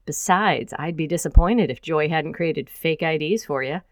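A woman's voice: deep voice, normal speed, dry recording, clean studio sound, natural voice. A woman voicing an affectionate, joking middle-aged mother who is a hacker. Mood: teasing.

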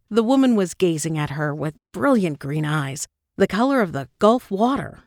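A woman reading scripted narration in a measured, descriptive way. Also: on the low side, sing-song, darkish tone, dry recording, studio quality. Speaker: audiobook narrator.

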